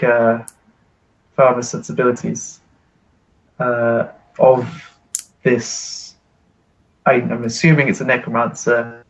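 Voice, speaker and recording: A man's voice: mid-range voice, muffled recording. A man playing a tabletop game, joking and hesitant, with lots of fillers. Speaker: player. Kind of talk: casual tabletop role-play.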